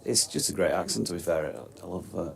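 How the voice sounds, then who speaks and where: A man giving live cricket commentary, relaxed and banterish, calling deliveries as they happen. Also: low voice, a little fast, creaky. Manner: relaxed, lifts sharply when a wicket falls.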